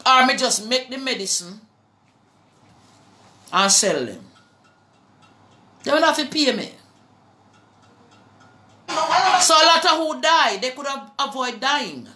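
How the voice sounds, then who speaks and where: A woman with a Jamaican accent preaching to a live online audience, slow and fervent, at times breaking into song. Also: sits high, big pitch swings, pushed and bright, roomy sound.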